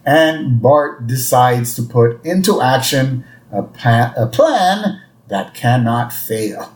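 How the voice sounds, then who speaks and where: A man co-hosting a casual podcast and recapping a cartoon episode. His pitch swings widely as he tells the story. The room echoes noticeably around him. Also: slow pace. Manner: retells scenes with lively quoted voices. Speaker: podcast co-host. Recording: roomy echo.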